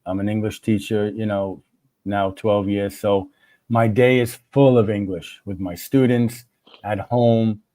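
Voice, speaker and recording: Animated man from New York. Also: lowish voice, unhurried, no room sound. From New York, USA. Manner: animated, acts out conversations, frequent restarts. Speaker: guest, English teacher. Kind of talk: casual livestream chat.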